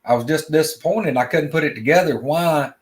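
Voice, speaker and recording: A man whose voice is on the high side speaks briskly as a guest storyteller. He tells a long personal story in plain, drawling, casual talk, often repeating words along the way.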